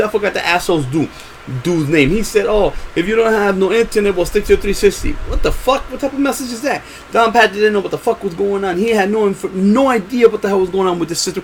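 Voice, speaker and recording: A high-voiced man rants straight to his viewers, passionate and profane, tripping over repeated words and drawn-out fillers. A faint hum of ambience sits under his voice. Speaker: gaming vlogger. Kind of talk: unscripted rant to camera.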